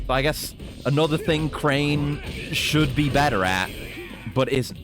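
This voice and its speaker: A man's voice: a little high, lively intonation, unhurried. A British man chatting and joking loosely as he streams himself playing a game. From Britain. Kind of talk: live-stream commentary while gaming. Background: game music.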